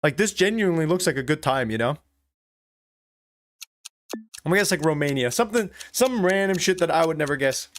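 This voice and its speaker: A young man livestreaming, chatting casually with his viewers, swearing freely and thinking out loud. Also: fairly high pitch, lively intonation, a little fast, long pauses, a little hiss or hum.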